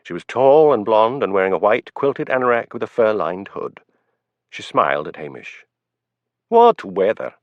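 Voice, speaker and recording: A man narrating an audiobook in a measured storytelling manner, in a dull, dry recording. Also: lowish voice, expressive, no echo. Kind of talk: scripted narration.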